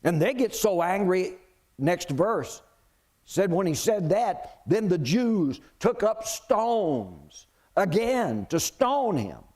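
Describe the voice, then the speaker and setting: Slow, lively-voiced male preacher. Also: high voice. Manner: animated storyteller who questions the congregation. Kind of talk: sermon, Bible storytelling.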